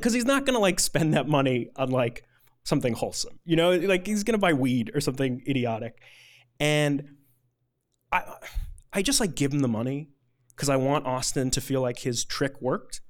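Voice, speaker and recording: A man's voice: a little high, expressive, fairly quick. A man telling a personal story to an audience, conversational and rambling, with a self-deprecating, emotional edge.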